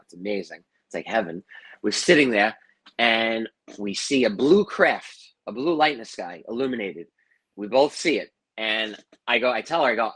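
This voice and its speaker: A husky-voiced middle-aged man talking in a casual interview. He tells a long personal story, acting out what others said and tossing in "man" and "you know what I mean". His pitch sits in a middle range. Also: a bit bright, rough recording. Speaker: interview guest, firefighter and psychic.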